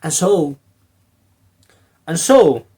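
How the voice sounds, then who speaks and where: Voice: mid-range voice, very animated, very slow, dark tone, husky. A video commentator with a strained throat, giving rambling, sarcastic commentary full of mock-dramatic asides.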